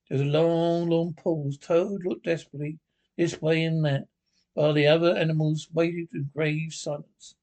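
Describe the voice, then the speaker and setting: Mężczyzna czytający bajkę, chropawy głos. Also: male voice, fairly high pitch, flat delivery, moderate pace, darkish tone. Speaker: reader. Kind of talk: reading a children's book aloud.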